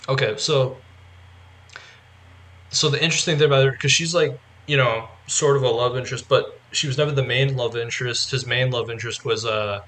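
Rambling male podcast co-host, bright tone. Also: mid-range voice, fairly even intonation, fairly quick. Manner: rambling, heavy use of filler "like", eager explaining. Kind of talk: casual chat.

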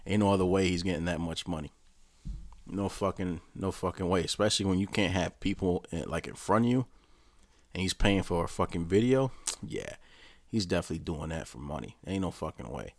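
A man's voice: low-pitched, a little fast, dry recording. A man ranting casually in a rambling, profane way, often restarting his sentences. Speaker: vlogger. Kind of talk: casual rant to camera.

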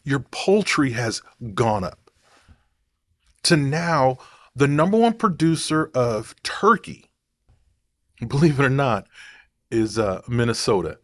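A man's voice: medium pitch, sing-song, slow pace, pauses often, a bit bright, no room sound, studio quality. A man talking casually to camera in a rambling, digressive way, thinking aloud as he goes. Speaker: vlogger.

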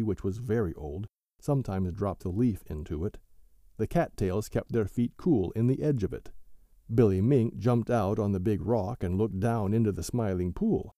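Dark-voiced animated storybook narrator. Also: male voice, lowish voice, no echo, studio quality. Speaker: podcast host and narrator.

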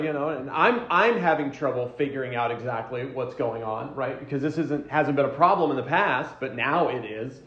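A man's voice: mid-range voice, moderate pace, few pauses, fairly bright tone. Man teaching a marriage class in a roomy hall. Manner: casual, repeats and restarts words, asks the group questions. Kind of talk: conversational teaching to a group. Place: room with a group. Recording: roomy, dull lo-fi sound.

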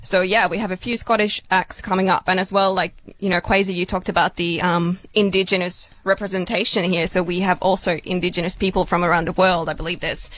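Relaxed young female radio co-host. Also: lowish voice, brisk, few pauses, rough recording. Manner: relaxed, conversational, uses "you know" often. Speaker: radio co-presenter. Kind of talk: casual radio chat. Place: outdoor festival radio studio.

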